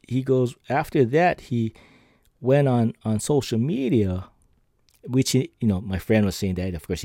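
A man's voice: on the low side, warm tone, dry recording, clean studio sound. A man hosting a podcast, telling personal stories in a casual, rambling way with lots of fillers and restarts. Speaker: podcast host. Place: lives on an island.

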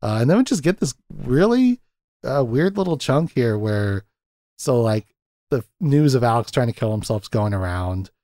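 A man's voice: mid-range voice, big pitch swings, moderate pace, warm tone, no room sound, studio quality. A man hosting a podcast in casual film chat, laughing often and acting out scenes as he retells them. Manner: chatty, laughs often, acts out quotes from scenes. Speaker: podcast host.

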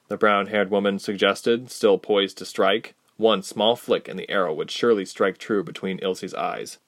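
A man narrating a fantasy storybook aloud, expressive and acting out each character. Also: lowish voice, moderate pace, no echo, clean studio sound.

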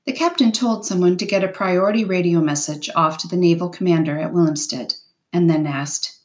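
Woman, reader, novel read aloud, steady unhurried storytelling, low voice.

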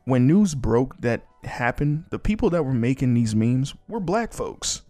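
A man's voice: mid-range voice, big pitch swings, measured pace, dark tone, no echo, soft background music. A man hosting a podcast on his own, ranting bluntly and casually with plenty of swearing. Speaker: podcast host. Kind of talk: casual solo commentary.

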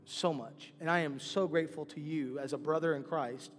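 Speaking at a normal speed with fairly even intonation, the pastor, a man with a slightly high voice, offers an earnest prayer before honoring a member who is leaving. Emotional and holding back tears, he repeats phrases throughout this farewell tribute, and the church sanctuary gives his voice a big-room sound.

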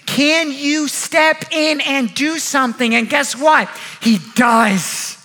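A man preaching a sermon, telling a story with acted-out dialogue and rising to shouts at the high points. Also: slow, few pauses. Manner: animated storytelling, acting out dialogue, shouting at peaks.

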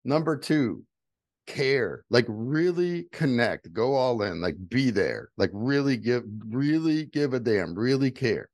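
A middle-aged man with a voice of ordinary pitch, speaking candidly and earnestly in a motivational tone. He repeats key phrases and lifts his delivery when he hammers home a point. The sound is dry and close, with no room around it. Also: lively intonation, slow, a little mellow, dry recording. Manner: builds to emphatic, rising delivery when giving advice. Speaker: guest. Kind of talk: personal storytelling, motivational talk.

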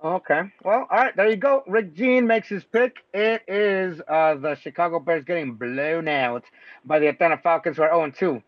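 High-voiced excitable man on a podcast. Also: normal speed, dry recording. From Mexico. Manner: loose, profane, excitable, laughs often. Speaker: podcast host. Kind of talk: casual sports chat. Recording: dull lo-fi sound, dry.

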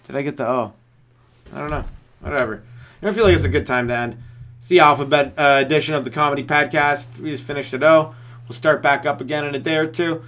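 A man hosting a solo comedy podcast, riffing in a rambling, profane rant that chases tangent after tangent and slips into quick voices of other people. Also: a little high, steady tone, fairly bright tone. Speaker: stand-up comedian and podcast host.

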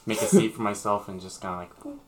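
A man's voice: fairly low pitch, flat delivery, quick pace, a little mellow. A man playing in a tabletop game, talking in a playful, casual way. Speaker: player. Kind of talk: casual chat.

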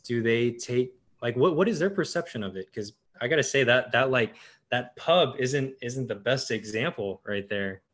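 A man's voice: mid-range voice, animated, moderate pace, a bit bright. A man hosting a casual interview, laughing easily and asking follow-up questions. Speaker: podcast host.

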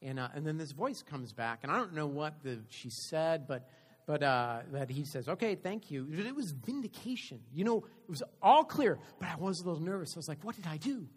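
A middle-aged pastor giving a sermon, telling a personal story and swinging between loud and quiet delivery. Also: male voice, fairly high pitch, sing-song, fairly quick, breathy edge.

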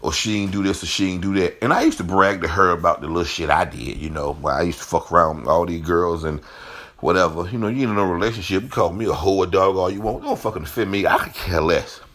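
Husky man telling a profane story. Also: low voice, quick pace. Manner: profane, rambling, animated. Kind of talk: casual storytelling monologue.

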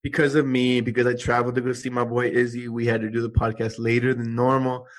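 A young man co-hosting a podcast, tipsy and slurring, bantering loudly with laughs and swearing. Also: medium pitch, flat delivery, fast talker. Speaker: podcast co-host. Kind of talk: casual chat.

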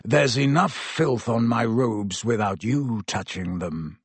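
A man's voice: slow, slightly rough, dry recording. A man doing a gaunt, bitter ex-prisoner. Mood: harsh. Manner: low, harsh and intense. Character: gaunt, bitter, hard-edged escaped male prisoner.

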